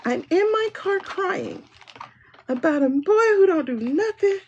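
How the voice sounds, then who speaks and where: A woman mimicking a young woman crying in her car over a boy, in a weepy, drawn-out voice. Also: extremely high pitch, animated, muffled recording, a little hiss or hum, voice pushed up, full character voice. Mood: tearful. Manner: weepy, then suddenly snapping out of it.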